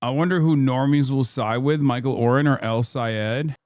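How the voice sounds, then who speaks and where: A man's voice: mid-range voice, normal speed, darkish tone, no echo, studio quality. A man streaming live, mocking a news clip with sarcastic, swearing asides. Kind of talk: casual live-stream commentary.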